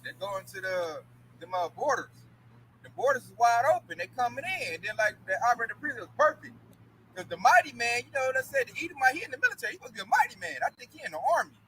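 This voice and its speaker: A man with a high, bright, forceful voice speaks in a casual religious discussion. He tells animated stories with loose, colloquial phrasing and slips into other people's voices as he goes. There is a faint hiss under him. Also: fast talker, rough recording. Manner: colloquial, with frequent fillers.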